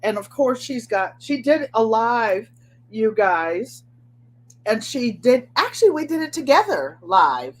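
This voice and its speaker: A woman's voice: on the high side, big pitch swings, measured pace. An older woman hosting a sewing and crafts channel, chatting casually to viewers in a rambling way and often repeating herself. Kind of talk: casual live chat.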